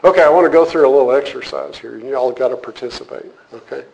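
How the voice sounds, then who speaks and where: A man's voice: medium pitch, quick pace, vocal fry, a little mellow, muffled recording, slight background noise. A man teaching a church group in a casual, joking way, then turning earnest as he explains a point. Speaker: teacher leading a church class. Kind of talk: casual sermon to a live group.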